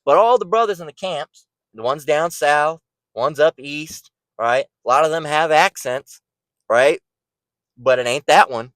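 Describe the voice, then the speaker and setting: A man's voice: a little high, unhurried, fairly bright tone, no room sound, poor audio. A man giving blunt, emphatic Bible commentary, swearing freely and asking "right?" often.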